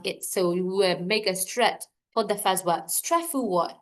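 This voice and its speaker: A woman from Myanmar with a Burmese accent, teaching an online English class and explaining slowly and carefully. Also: mid-range voice, sing-song. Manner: slow, careful explaining, stressing example words.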